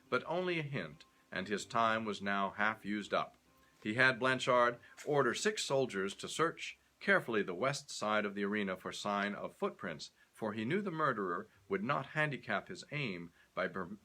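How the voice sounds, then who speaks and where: Brief: male storyteller, expressive read-aloud, lively pitch. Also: moderate pace. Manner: expressive, acts out the characters. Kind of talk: reading a short story aloud.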